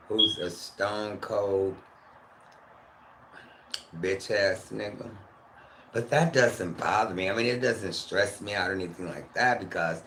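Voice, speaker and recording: Streaming live from his kitchen at home, a male host speaks in a low-side, pushed and bright voice. He rambles, curses freely and addresses his chat directly. Background noise and echo fill the room.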